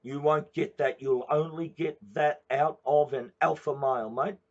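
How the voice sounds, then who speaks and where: A man's voice: on the high side, steady tone, unhurried, darkish tone, highs cut off. An Australian man from Queensland giving a blunt, profane, confrontational address to his viewers. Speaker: protest movement speaker.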